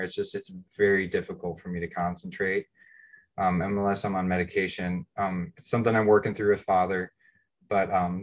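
An American man in his thirties with a somewhat low-pitched voice shares his own story on a podcast. He talks casually and candidly, poking fun at himself along the way. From United States. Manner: candid, self-deprecating, plain-spoken. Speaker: podcast co-host.

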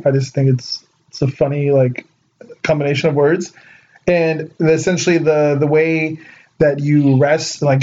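A man's voice: fairly high pitch, a little mellow. Rambling man on a muffled podcast. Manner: rambling, heavy use of filler words. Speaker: podcast co-host. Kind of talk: casual chat. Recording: muffled lo-fi recording.

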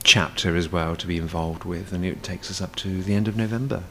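A man's voice: sits low, fairly even intonation, fairly quick, slight background noise. A man, a stage performer, chatting as a guest in a casual cafe interview, rambling with many fillers and restarts.

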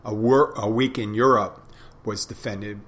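A man's voice: fairly low pitch, fairly even intonation, measured pace, fairly bright tone. A man hosting a podcast, talking alone in a reflective, rambling way with frequent restarts. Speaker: podcast host. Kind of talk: casual monologue.

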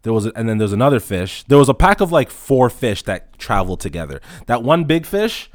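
A man hosting a casual solo podcast, telling profane stories in an animated way and acting out the dialogue. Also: medium pitch, brisk, no room sound, clean studio sound. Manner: acts out dialogue in anecdotes. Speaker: podcast host.

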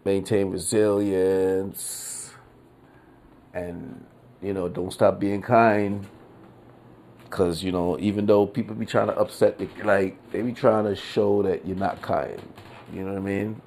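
Gravelly, slangy podcast man. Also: deep voice, fairly even intonation, takes it slowly, darkish tone. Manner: slangy, profane, laughs between lines. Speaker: podcast host. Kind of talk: casual solo podcast talk.

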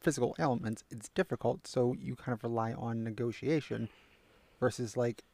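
Male co-host with a gravelly edge, animated storyteller, dry close sound. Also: mid-range voice, normal speed, no room sound. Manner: animated, acts out quoted voices. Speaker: podcast co-host. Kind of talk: casual parenting chat.

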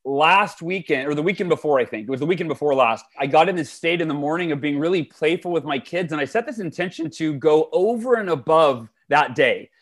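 A man in his forties speaks with a somewhat high voice, chatting as an interview guest. He tells stories in an animated, eager way, doubling words as he gathers his thoughts. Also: fairly quick, hardly any pauses. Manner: enthusiastic, animated, repeats words when starting phrases. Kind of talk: conversational storytelling.

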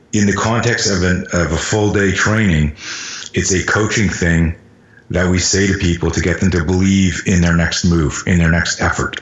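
Middle-aged man, self-defense coach, deepish voice, cursing freely, roomy dull recording. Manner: profane, animated, acts out sounds and quotes. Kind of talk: casual storytelling in conversation.

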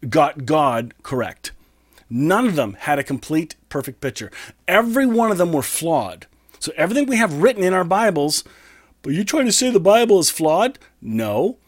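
A male pastor gives a sermon in a relaxed, conversational way. He slows right down to read scripture lines with care, then drops back into easy, earnest explanation. His voice sits in an ordinary middle pitch, and the sound is dry and close. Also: no room sound.

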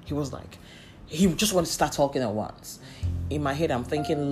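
A woman's voice: sits low, normal speed. A young woman telling a story in a sassy, chatty way and laughing often. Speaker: vlogger. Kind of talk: casual storytelling. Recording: faint music underneath.

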